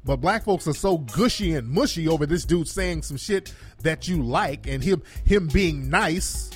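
Guy ranting over a clip, lively swinging voice, kinda high, preachy, talks straight at viewers. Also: unhurried, breathy edge, soft background music. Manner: emphatic, preachy, addresses viewers directly. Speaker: political commentator. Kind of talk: reaction commentary to a clip.

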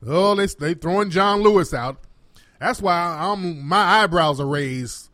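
A man's voice: high voice, unhurried, bright, forceful tone, dry recording, studio quality. A man giving emphatic reaction commentary on a video clip, lecturing his viewers directly. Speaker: political commentator.

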